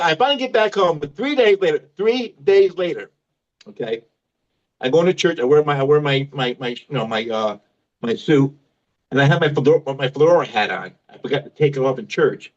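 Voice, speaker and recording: A man's voice: medium pitch, lo-fi sound. A man in his fifties doing a stand-up comedy set, mocking himself and laughing at his own jokes. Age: 50s.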